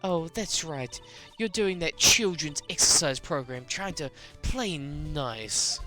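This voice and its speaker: A nosy, cranky elderly woman guarding a hotel stage, scolding everyone in rapid bursts, as a New Zealand streamer puts her on. The pitch leaps around widely. The voice is bright, with faint game music underneath. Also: expressive. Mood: sneering. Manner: scolding, rapid-fire nagging.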